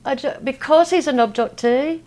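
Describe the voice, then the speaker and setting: A woman from Texas, a guest in an interview, talking in a halting way with many fillers. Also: high voice, darkish tone. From Texas, USA. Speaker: interview guest, spiritual healer. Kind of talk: casual interview talk. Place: at a convention.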